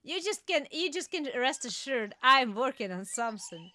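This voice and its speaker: A young woman streaming a game, chatting casually, laughing often and yelping and shouting at what happens on screen. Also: high-pitched, big pitch swings, normal speed. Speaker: VTuber streamer. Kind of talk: casual gameplay commentary.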